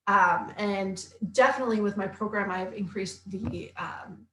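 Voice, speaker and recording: This clip catches a chatty, upbeat health coach and author on a casual live stream, running through viewer comments with fast asides. Her pitch is middling and her tone a bit bright, with a roomy echo ringing around her words.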